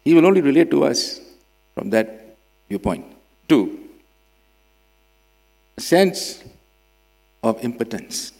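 A man from Singapore, preaching a sermon and swinging between loud emphasis and quiet drops. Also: mid-range voice, very animated, slow, creaky, long pauses. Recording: long hall reverb with mains hum.

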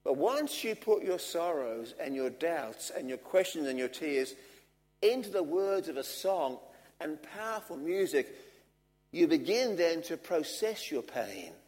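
Earnest preacher in a hall. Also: male voice, fairly high pitch, a little mellow. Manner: earnest, measured, with emphatic repetition. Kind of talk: sermon. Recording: long hall reverb.

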